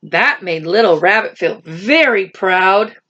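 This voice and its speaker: A woman teacher reading a picture book aloud to children, expressive and stopping to count along with them. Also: medium pitch, slow pace, dull audio. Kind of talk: read-aloud storytime.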